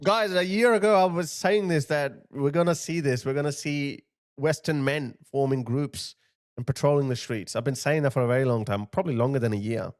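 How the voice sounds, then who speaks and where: A man's voice: mid-range voice, fairly quick, dry recording, studio quality. A man hosting a commentary video, ranting in a heated, scornful way and repeating short jabs. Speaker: commentary channel host.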